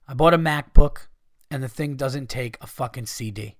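A man's voice: medium pitch, normal speed, a bit bright, dry recording, clean studio sound. A man hosting a podcast, ranting in a profane, exasperated way. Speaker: podcast host. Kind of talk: casual ranting monologue.

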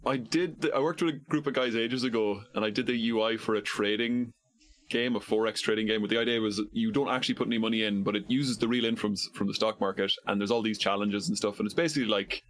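A man in casual podcast chat, telling stories and acting out the people he quotes. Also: fast. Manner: animated storyteller, acts out quoted callers in a high voice.

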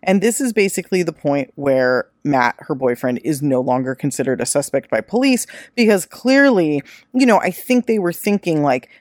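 A woman's voice: low voice, animated, moderate pace, a little mellow, no room sound, clean studio sound. A woman hosting a solo true-crime podcast, retelling a case in a casual, profane way and acting out the quoted lines. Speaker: podcast host.

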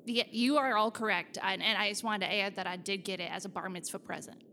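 A woman's voice: mid-range voice, steady tone, a little fast, background noise, close to an everyday voice. A woman playing a pushy young hustler who boasts bluntly about her junk treasure. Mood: boastful.

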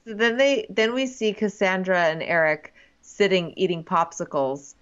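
A woman's voice: fairly low pitch, moderate pace, a bit bright, clear, resonant tone, highs cut off. A woman co-hosting a casual chat, sarcastic and crude as she recaps a reality show. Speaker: podcast co-host.

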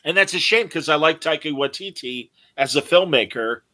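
A man with a bright, forceful voice, a bit higher than most, chatting casually with his co-hosts. He talks loosely and reads out comments from listeners. The sound is dry and close. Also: lively intonation, normal speed, no echo. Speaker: podcast co-host. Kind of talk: casual chat about movies and TV.

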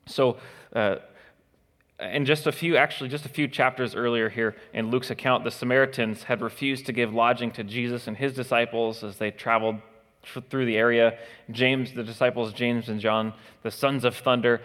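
A man preaching a sermon in a conversational way, pausing with frequent "uh" fillers and now and then acting out the attitudes he describes. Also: mid-range voice, fairly even intonation, a bit bright. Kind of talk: expository sermon. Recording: long hall reverb.

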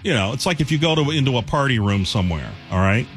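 Animated male morning radio host. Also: medium pitch, fast, faint music behind. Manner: animated storytelling, lots of fillers. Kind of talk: casual morning radio chat. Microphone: studio microphone.

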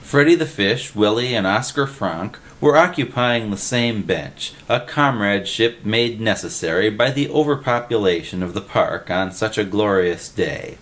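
A man narrating an audiobook story in a steady storytelling voice. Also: fairly low pitch, moderate pace, hardly any pauses.

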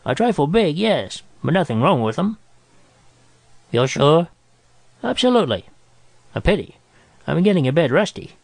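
A high-pitched, chattering doctor, as a man puts him on for a storybook reading. He is eager for any patient and fires off one question after another. His voice leaps around with excitement. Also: creaky, no echo, heavily acted. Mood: disappointed. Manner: excited rapid-fire questions.

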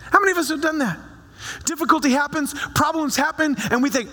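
A man preaches to his church in an easy, conversational style, circling back on his phrases. His voice sits high and sounds bright and forceful. The sound rings out with a long reverb from the sanctuary. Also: fast talker. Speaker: pastor. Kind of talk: sermon.

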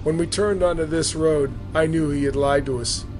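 A man narrating his own memoir in a measured, vivid way. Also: fairly high pitch, fairly even intonation, over music. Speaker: storyteller recounting his own boot camp. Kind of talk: memoir reading.

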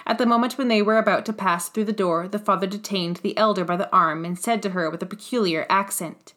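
A woman narrating a classic novel in an audiobook, measured and expressive. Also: medium pitch.

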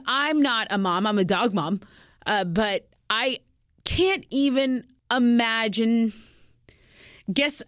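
A woman's voice: a little high, dry recording, studio quality. A woman with a Texan accent, a radio host venting casually, frank and profane, often repeating herself.

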